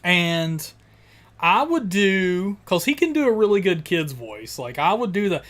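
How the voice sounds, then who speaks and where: A man's voice: sits high, very animated, unhurried, a bit bright. A man co-hosting a late-night horror talk stream, loose and crude, with a habit of slipping into impressions. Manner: jokey and crude, breaks into impressions and laughter. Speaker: co-host of a horror podcast stream. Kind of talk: casual live-stream chat.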